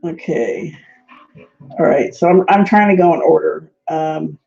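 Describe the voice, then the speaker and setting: A woman's voice: deep voice, animated, measured pace, vocal fry, a little mellow, soft background music. A woman teaching a casual online tarot class, talking in a rambling, chatty way with lots of "like"s and frequent laughs. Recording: dull lo-fi webinar audio.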